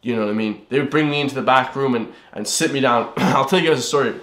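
A man's voice: medium pitch, fast talker, fairly bright tone. A young man delivers a motivational monologue with a loose, rambling flow and plenty of swearing, calling his viewers "guys" again and again. His voice sits in a middle register. The recording has a roomy, echoey feel. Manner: rambling, blunt, swears, keeps saying "guys". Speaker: fitness vlogger. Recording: roomy echo.

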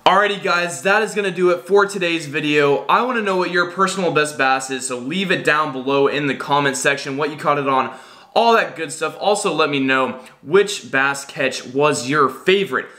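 A man's voice: fairly high pitch, moderate pace, bright, forceful tone. A man hosting a fishing channel, talking straight to viewers in an upbeat, casual way. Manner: upbeat, addressing viewers directly. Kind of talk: casual vlog intro and outro.

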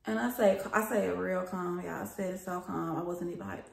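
A woman's voice: fairly low pitch, fairly even intonation, a little fast, vocal fry. A young woman vlogger telling a story in casual chat, talking straight to her viewers and swearing freely. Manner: chatty and profane, addresses viewers as y'all. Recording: roomy echo.

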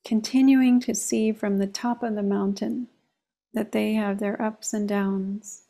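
Female meditation teacher, calm and measured, slow-paced reflective storyteller. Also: medium pitch, vocal fry.

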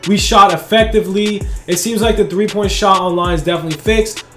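A man's voice: high-pitched, a little fast, soft background music. Hyped young man calling his own game. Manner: shouts and cheers at big plays, then talks calmly. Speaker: gaming channel host. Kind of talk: live gameplay commentary. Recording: echoey room.

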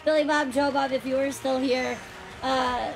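Woman, streamer, bubbly, chatty, high-pitched, gravelly, music behind. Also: level tone, normal speed. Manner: bubbly, chatty, laughs often. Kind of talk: live-stream chat while racing.

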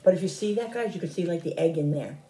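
A woman's voice: lowish voice, fast talker, warm tone, echoey room, poor audio. A middle-aged woman chatting casually to her viewers while cooking in her home kitchen. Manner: chatty, talks straight to viewers. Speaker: cooking vlogger.

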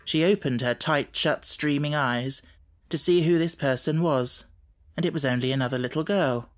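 A man reading a classic children's novel aloud as an audiobook narrator, in measured, even storytelling. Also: a little high. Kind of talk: scripted narration.

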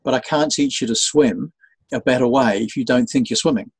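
A man's voice: mid-range voice, a little fast, husky, low-quality recording. A man being interviewed as a sales trainer, telling stories animatedly and acting out the voices of the people in them. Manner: animated storyteller, acts out quoted voices. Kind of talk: conversational interview.

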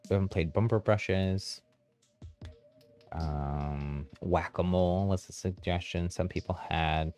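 A man streaming a game, chatting casually with viewers, a bit hesitant and quick to laugh, his voice a little hoarse. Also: low-pitched, soft background music. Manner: relaxed, hesitant, laughs often. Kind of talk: casual live-stream chat.

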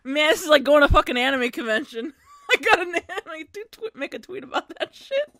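A woman's voice: high-pitched, animated, brisk, fairly bright tone, no room sound. A young woman reacting to an anime episode, often screaming, squealing and laughing, and swearing freely. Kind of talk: excited reaction commentary.

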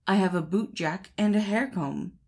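A woman voicing a vain, boastful male shirt collar in a storybook, speaking with pompous, gushing flattery. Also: mid-range voice, moderate pace, breathy edge.

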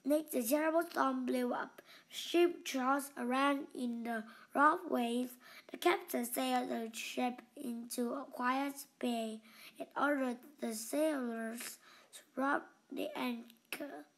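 A woman reading a children's story aloud in a slow, expressive storytelling manner. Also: sits high. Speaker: narrator.

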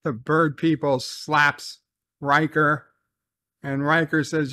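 A man recaps and reviews a TV episode in a fairly high, bright, forceful voice with a level tone. He speaks slowly, circles back to repeat phrases, and swears casually. The sound is dry and close, with no echo.

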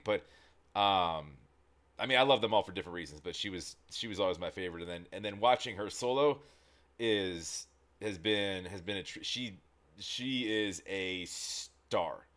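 A man with a somewhat low voice hosts a reaction video. He comments casually and excitably, rambling and restarting his sentences as he goes.

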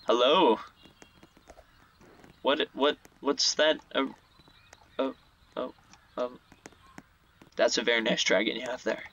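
A man hosting a gaming channel, giving rambling, excitable commentary as he plays, often repeating himself. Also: mid-range voice, slow, pauses often, lo-fi sound. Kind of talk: playthrough commentary. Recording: loud game music behind. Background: loud game music.

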